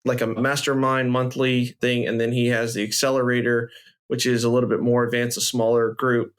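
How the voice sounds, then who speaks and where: A man's voice: mid-range voice, flat delivery, a little fast, clear, resonant tone. A male podcast host with a mid-range voice, speaking in an upbeat way. He addresses the listeners directly and sums up what the guest offers. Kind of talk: casual interview hosting.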